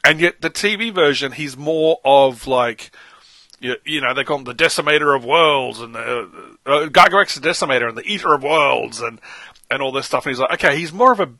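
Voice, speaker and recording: Bright-voiced Australian man, lively podcast chat. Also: medium pitch, fairly quick, dry recording. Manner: animated, enthusiastic, laughs often. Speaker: podcast co-host. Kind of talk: casual chat.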